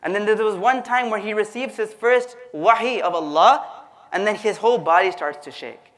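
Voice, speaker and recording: At a moderate pace, a man with a high-pitched, somewhat bright voice offers a conversational religious lecture told through stories. He speaks directly to those listening and acts out the quotes.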